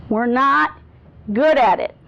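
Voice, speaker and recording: A woman speaking coach giving a lively workshop talk to a live audience, acting out voice examples and laughing often. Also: on the high side, vocal fry, a little hiss or hum. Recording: dull lo-fi sound.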